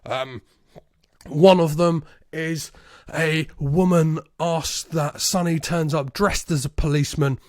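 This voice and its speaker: A man's voice: a little high, fairly even intonation, slow, darkish tone, dry recording, studio quality. A man, hosting a podcast and reviewing a film in a casual, sweary, mocking way with frequent laughter. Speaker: podcast host.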